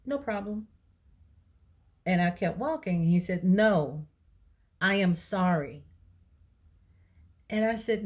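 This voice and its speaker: A woman, chatting to her viewers and retelling an everyday encounter with lively quoted dialogue. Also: on the low side, vocal fry. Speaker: vlogger. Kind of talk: casual storytelling to camera.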